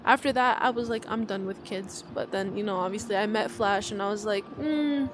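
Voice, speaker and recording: A woman's voice: mid-range voice, brisk, noisy background. A young woman in casual storytelling to a group, talking in a rambling, profane way with frequent restarts. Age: young adult.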